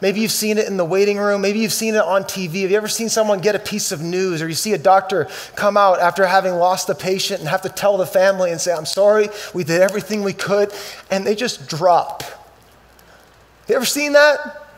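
A male pastor preaching a sermon, swinging from loud emphatic bursts to quiet, slow scripture reading. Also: high voice.

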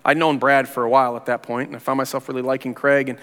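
A pastor in his forties, with a medium-pitched, level, fairly bright voice, speaks fast as he shares a personal testimony in a church sanctuary. He's earnest and conversational, using casual slang, and the large hall gives a long reverb.

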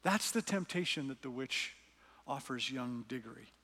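A man's voice: medium pitch, lively intonation, moderate pace, pushed and bright, slightly rough, long reverb tail. A man preaching a sermon as a pastor, telling a story earnestly and reading scenes aloud.

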